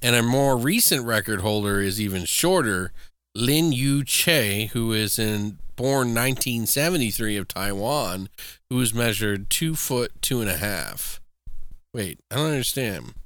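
A man's voice: lowish voice, animated, measured pace, fairly bright tone, no echo, clean studio sound. A man co-hosting a podcast, casually and profanely recapping movie plots and reading out trivia. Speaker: podcast co-host reviewing movies. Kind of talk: casual chat.

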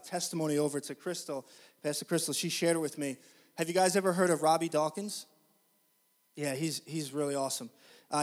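Delivering a sermon in a notably high voice, a man talks to the congregation directly in a chatty, storytelling style. At times he builds into loud, energetic preaching.

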